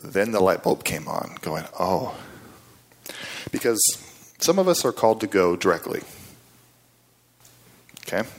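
A middle-aged man delivers a sermon in a slightly low voice. He talks in a conversational, folksy way, with casual asides to the congregation. When he presses a point, his voice climbs and gains emphasis. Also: very animated, measured pace, gravelly, pauses often. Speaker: guest preacher.

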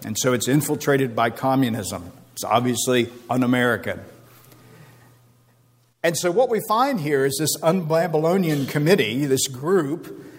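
A man's voice: mid-range voice, big-room sound. A man preaching a sermon with an emphatic, repetitive cadence.

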